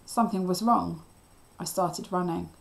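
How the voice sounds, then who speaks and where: A woman's voice: on the low side, unhurried, vocal fry, rough recording. Woman reading a children's novel aloud. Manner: steady, expressive storytelling. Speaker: teacher.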